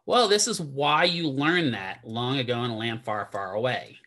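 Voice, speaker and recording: A physical therapy instructor gives a classroom lecture in a chatty, digressive way and frequently quizzes his students. He speaks at a moderate pace with a medium pitch and a sharp tone.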